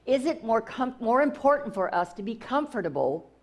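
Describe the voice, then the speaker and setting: Lively, enthusiastic woman spiritual teacher. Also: on the high side, normal speed. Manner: enthusiastic, repetitive, restarts often. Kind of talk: inspirational talk.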